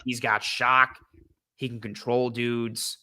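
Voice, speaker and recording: Speaking slowly in a mid-range voice that barely shifts in pitch, a young podcast host talks through the football draft in a bright, forceful tone. He rambles, restarts often, leans on fillers, and hums to himself while thinking.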